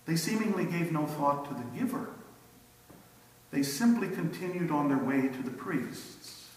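Slow preacher in an echoing hall. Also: male voice, on the high side, lively intonation. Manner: slow, emphatic storytelling with rhetorical questions. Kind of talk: sermon. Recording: echoey hall from a distance.

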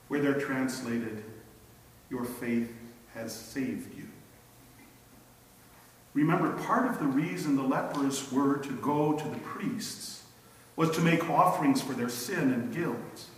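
A male preacher giving a sermon with slow, emphatic storytelling and rhetorical questions. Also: mid-range voice, slight background noise. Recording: echoey hall from a distance.

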